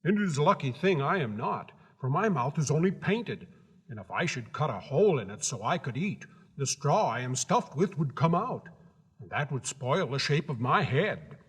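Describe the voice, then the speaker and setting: A husky, gentle straw scarecrow. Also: male voice, on the high side, very animated, full character voice. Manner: slow, polite and earnest. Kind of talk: 1970s children's record acting. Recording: old vinyl with long reverb.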